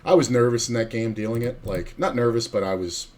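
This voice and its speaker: A man's voice: medium pitch, a little fast, darkish tone, slight background noise. A middle-aged man who streams, telling casual, rambling poker stories with plenty of swearing and acted-out quotes.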